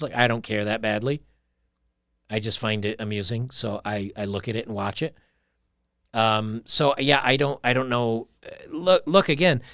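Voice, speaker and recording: A man's voice: mid-range voice, a bit bright, no room sound, clean studio sound. A man giving opinionated, ranting commentary on a livestream and reading chat messages aloud. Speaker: streamer reacting to clips.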